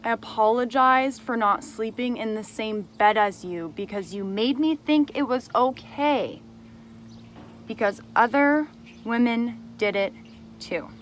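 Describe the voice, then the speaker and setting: Speaking directly to the camera, a young woman with a fairly high-pitched voice angrily and confrontationally accuses someone, then calms down to explain her side in this emotional testimony about a personal grievance. A slight hiss or hum is audible.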